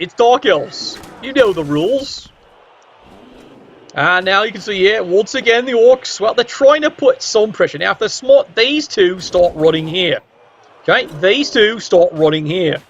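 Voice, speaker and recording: A man doing play-by-play commentary of a video game match, with cheeky, sardonic asides and sudden jumps up in pitch. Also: slightly rough, lo-fi sound.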